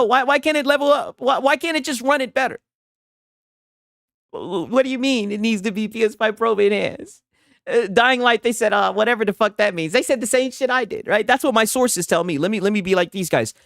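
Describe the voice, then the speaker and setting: A man's voice: high voice, fairly bright tone, no echo, studio quality. A man hosting a casual gaming livestream, reading chat aloud, talking loose and profane with frequent laughs and restarts.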